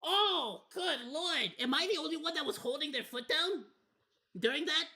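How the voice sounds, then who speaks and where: Bright-voiced rambling streamer guy. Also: extremely high pitch, fairly quick. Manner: rambling, candid, casually profane. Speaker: VTuber streamer. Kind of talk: casual watch-party commentary.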